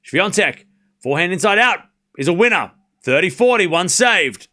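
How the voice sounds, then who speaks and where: A man hosting a live tennis watchalong, giving informal play-by-play that rises to excited shouts on big points. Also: sits high, normal speed. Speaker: host calling a live watchalong stream.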